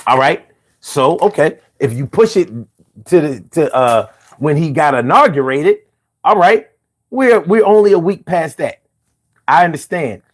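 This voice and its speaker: A man's voice: fairly high pitch, expressive, a little slow. A man giving a heated, profane political rant as a commentator, talking straight to his viewers. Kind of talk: ranting commentary.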